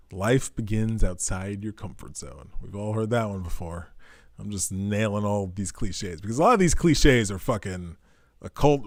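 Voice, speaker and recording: A man's voice: fairly low pitch, no echo, studio quality. A man talking in a rambling, profane monologue with jokey asides, as the host of his own show. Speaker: podcast host. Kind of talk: casual monologue.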